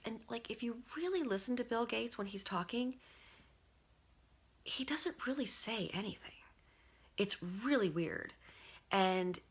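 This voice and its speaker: A woman's voice: medium pitch, a bit bright. A woman streaming live as an artist, talking to her viewers in a rambling, conversational way full of fillers and restarts. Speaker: artist and livestream host. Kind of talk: casual monologue to viewers.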